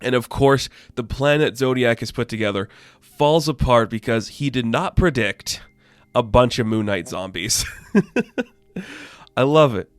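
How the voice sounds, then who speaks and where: Excited man reviewing comics casually. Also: mid-range voice, measured pace, no room sound. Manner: excited and casual, swears freely.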